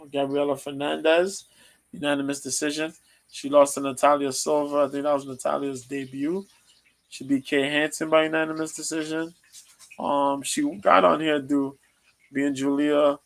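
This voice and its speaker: A man hosting a casual livestream, previewing fights in a loose, rambling way with lots of pauses and ums. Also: fairly high pitch, creaky, low-quality recording. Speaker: podcast host previewing fights.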